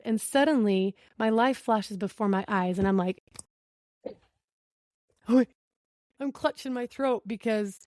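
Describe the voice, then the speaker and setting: A woman's voice: medium pitch, a little slow, long pauses, darkish tone, no echo. A woman in her thirties hosting a podcast, telling a candid story and acting out the dialogue. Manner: candid storyteller, laughs a lot, acts out dialogue. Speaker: podcast host. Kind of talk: casual chat.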